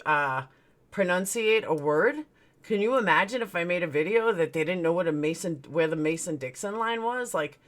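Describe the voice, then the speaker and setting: A woman's voice: fairly low pitch, a bit bright. Woman livestream host, casual chatty delivery, joking, greeting chat. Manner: greets chat viewers one by one; chatty, joking, laughs at herself.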